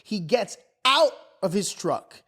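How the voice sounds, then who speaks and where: A man's voice: sits high, very animated, slow pace, bright, forceful tone, slightly rough. A man, co-hosting a podcast, telling a story in a casual way and acting out the voices of the people in it, with a lot of swearing. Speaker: podcast co-host.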